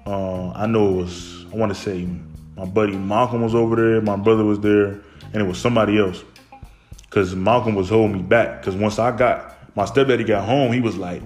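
Young adult male with a lowish voice, loose personal storyteller who rambles and restarts. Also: a little mellow. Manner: rambling, heavy on fillers and restarts. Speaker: storyteller recounting his childhood.

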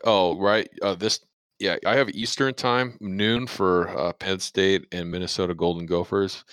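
A man's voice: low-pitched, fairly even intonation, unhurried, fairly bright tone, clean tone, no echo. A man co-hosting a casual sports betting podcast, joking and rambling with fillers. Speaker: podcast co-host.

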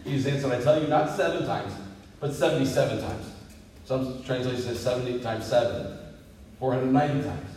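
Preaching man in an echoing hall. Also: fairly quick. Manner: emphatic preaching that builds to loud, high peaks. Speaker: pastor. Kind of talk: sermon. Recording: echoey hall, distant mic, faint hiss.

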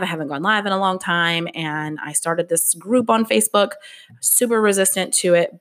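A woman hosts her own podcast alone, chatting casually while out of breath, speaking candidly and laughing at herself. Her fairly low voice is a bit bright and moves at a moderate pace, captured on a podcast microphone.

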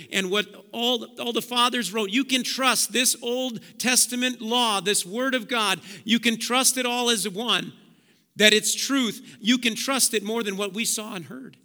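Man preaching in a church, real piercing bright voice, goes quiet then suddenly loud. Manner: swings between hushed low passages and loud high emphatic bursts. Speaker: pastor. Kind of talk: sermon. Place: church sanctuary. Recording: long church hall reverb.

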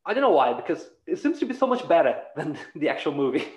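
A man hosting a casual podcast, chatty and laughing often, with lively asides. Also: on the high side, quick pace. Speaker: podcast host. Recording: roomy, dull lo-fi sound.

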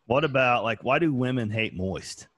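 A man guesting on a casual podcast, joking and swearing in animated banter. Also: mid-range voice, moderate pace, husky, no echo.

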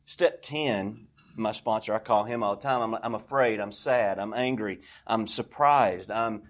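A man's voice: on the low side, a little slow. A man speaking candidly and at length as the speaker at a recovery meeting in a church, rambling and confessional. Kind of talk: personal share at a recovery meeting.

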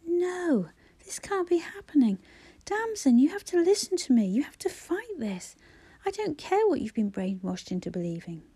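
A woman voicing a distraught man pleading with his dying sister, agitated and rising to near-shouts. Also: mid-range voice, very animated, a little fast, few pauses, breathy edge. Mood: desperate.

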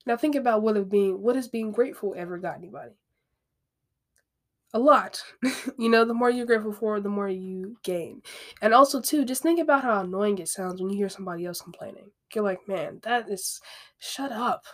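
Talking a little fast in a medium-pitched voice, a woman hosting a podcast works through self-help advice candidly and casually. She keeps adding asides and circling back to the same phrases.

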